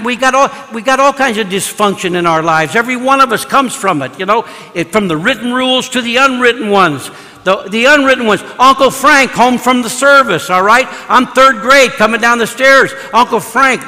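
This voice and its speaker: Man, 70s, from Kansas City, priest, chatty storytelling sermon, high voice, long church echo. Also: pushed and bright. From Kansas City, USA. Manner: conversational, folksy, peppers talk with "you know". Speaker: priest giving a parish mission. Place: large church. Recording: reverberant church hall.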